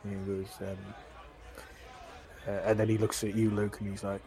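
A man's voice: lowish voice, completely flat delivery, moderate pace, gravelly, dark tone. A man narrating a tabletop fantasy game as game master, rambling and full of fillers.

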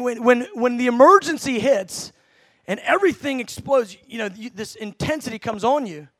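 Man, pastor, sermon, high-pitched, animated storytelling, dry close mic. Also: breathy edge, dry recording. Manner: animated storytelling with shouted acted quotes and laughter.

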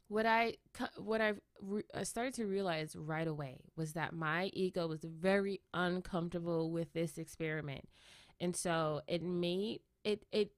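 A woman with a lower-pitched voice recounts a personal experience in a loose, rambling way, scattering "like" and "right?" through every thought. Her tone is reflective, and the sound is dry and close, with no room around it. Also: dry recording. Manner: rambling, many "like" and "right?" tag questions; reflective, laughs often. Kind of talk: casual personal storytelling.

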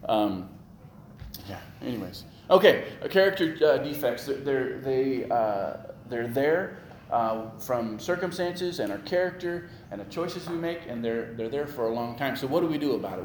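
A man preaching a sermon as pastor, animated, with rising emphasis and repeated phrases. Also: medium pitch. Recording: echoey room with faint ambient noise.

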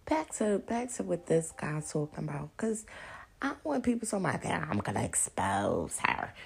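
Female podcast host, gravelly rasp, blunt and profane, animated straight-to-listener rant. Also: mid-range voice, fairly quick. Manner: animated, laughs often. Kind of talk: casual chat, open discussion monologue.

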